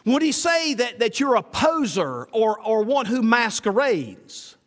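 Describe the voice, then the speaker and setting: A man's voice: extremely high pitch, big pitch swings, unhurried, fairly bright tone. A man preaching a sermon as a pastor, asking rhetorical questions and repeating himself as he builds his points. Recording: long hall reverb.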